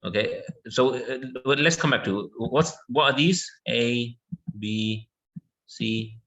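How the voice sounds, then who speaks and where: A man's voice: mid-range voice, slow pace, fairly bright tone, lo-fi sound. A man teaching an English lesson, patiently repeating words and checking that his student follows.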